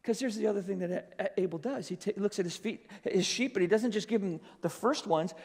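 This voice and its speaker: A high-voiced man preaches at a school chapel, animated and conversational, slipping into quoted voices as he speaks straight to the young crowd. His voice rings out with a long hall reverb. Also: fairly quick, gravelly, hardly any pauses, husky. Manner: animated, acts out quoted voices, addresses listeners as "you guys".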